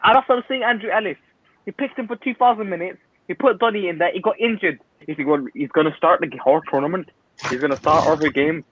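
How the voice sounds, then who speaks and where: A young man rants loudly about football, all hot takes and quick asides. His voice sits a little high. It comes through a tinny, dry phone-like line. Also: dry recording. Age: young adult. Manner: loud, ranting, opinionated, quick asides. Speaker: guest pundit. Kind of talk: heated football banter.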